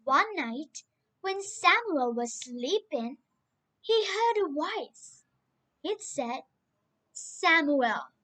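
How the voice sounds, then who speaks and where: A woman reading a storybook aloud for children on a radio program, slow and expressive. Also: extremely high pitch, low-quality recording. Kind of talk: storybook reading with character voices.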